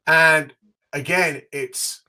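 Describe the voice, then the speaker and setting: A man from England, co-hosting a podcast and telling a nostalgic story in a casual, animated way. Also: fairly high pitch, drawn-out words. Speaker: podcast co-host.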